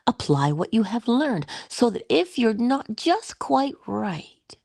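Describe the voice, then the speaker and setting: A woman giving a spiritual motivational talk in a soft-spoken way, often dropping into whispers, with playful, affectionate asides. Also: medium pitch, sing-song, slow pace, creaky, no echo, clean studio sound. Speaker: inspirational speaker.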